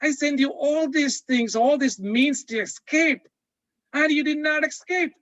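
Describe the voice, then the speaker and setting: Man playing a fatherly God in a parable, high voice, emphatic, dull lo-fi sound. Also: a little slow, a bit bright, no echo. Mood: patient. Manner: patient, explaining, rising to emphasis. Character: patient fatherly male God.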